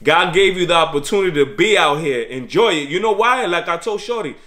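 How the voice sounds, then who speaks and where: A man's voice: on the high side, animated, brisk, sharp tone. A man giving preachy, streetwise life advice in a casual motivational monologue.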